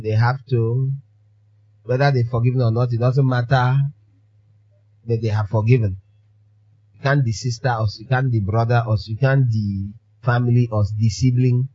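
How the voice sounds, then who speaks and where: A man's voice: mid-range voice, darkish tone, highs cut off. A man preaching a sermon as pastor, emphatic and fond of repeating his phrases for effect.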